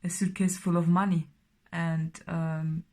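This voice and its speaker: A woman with a somewhat low voice gives a casual tarot reading. She rambles, fills pauses with "you know" and "uh", and now and then drops to a soft whisper. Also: level tone. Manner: rambling, many fillers, slips into soft whispers. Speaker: tarot reader.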